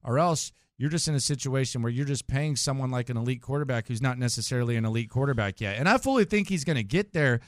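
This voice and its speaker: A man's voice: mid-range voice, animated, fast talker, hardly any pauses, no room sound, clean studio sound. A man hosting a sports radio show, giving his opinions in a conversational, opinionated way. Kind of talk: casual sports talk.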